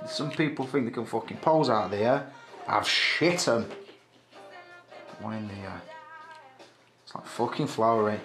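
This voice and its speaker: A swaggering man with a fairly low voice, talking loud and brash in a casual hobby vlog. He swears constantly and brags about his own work. Soft music sits faintly behind him. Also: measured pace, pauses often. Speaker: action figure collector vlogger.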